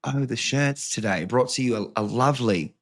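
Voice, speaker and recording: A man's voice: mid-range voice, moderate pace. A man hosting a casual home vlog, rambling and joking with plenty of swearing as he reads aloud. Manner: rambling, profane, jokey. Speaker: host. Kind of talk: casual vlog chat and reading.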